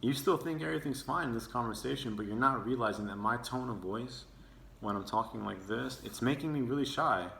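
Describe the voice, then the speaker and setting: A man's voice: medium pitch, fast, vocal fry, hardly any pauses, fairly bright tone, slight background noise. A young man giving a persuasive speech to his class, earnest and sometimes acting out tones of voice to make his points. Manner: earnest, demonstrating with his own tone. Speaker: student speaker. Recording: echoey room with faint ambience.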